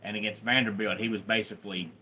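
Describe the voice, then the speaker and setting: Bright-voiced Southern livestream host. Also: male voice, on the low side, fairly even intonation, fast talker, slight background noise. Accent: Southern American. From Deep South, USA. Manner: chatty, greets viewers by name. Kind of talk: casual live-stream sports talk.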